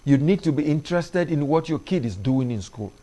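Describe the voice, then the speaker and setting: A middle-aged man delivers a preachy opinion monologue to parents. His voice sits a little high for a man. He leans hard on his points, pushing up in pitch when he stresses them. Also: animated, a little fast, dark tone. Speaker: commentary show host.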